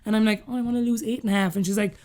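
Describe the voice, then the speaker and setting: A woman in her thirties with an Irish accent, a podcast guest telling her story candidly and acting out the dialogue she quotes. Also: fairly high pitch. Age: 30s. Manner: rapid, animated, acts out quoted dialogue.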